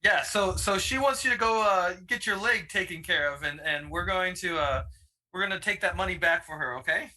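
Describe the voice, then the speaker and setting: A man's voice: high-pitched, expressive, normal speed, pushed and bright, poor audio. A man joking around as a player at a tabletop game. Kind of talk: casual tabletop play.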